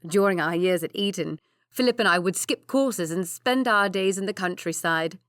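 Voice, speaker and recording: An earnest young lord, read by a woman in an audiobook, speaking with eager concern. The voice sits a little low and sounds dry and close. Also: normal speed, a bit bright, no echo, lightly acted. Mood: lively. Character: young nobleman, earnest and protective brother.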